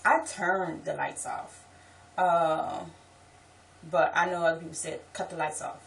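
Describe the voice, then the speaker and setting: A woman's voice: fairly low pitch, fairly even intonation, a little slow, gravelly, fairly bright tone, recorded from a distance, slight background noise, low-quality recording. A woman with a New Orleans accent chatting casually in a vlog, explaining things with asides and restarts. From Southeast Louisiana. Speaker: vlogger.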